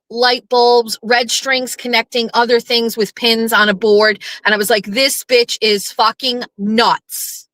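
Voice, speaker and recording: Woman host, casual monologue, lively storyteller who acts out lines, crisp and forceful tone. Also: a little high, no echo, rough recording. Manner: animated storyteller who acts out quoted lines, blunt and profane. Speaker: podcast host.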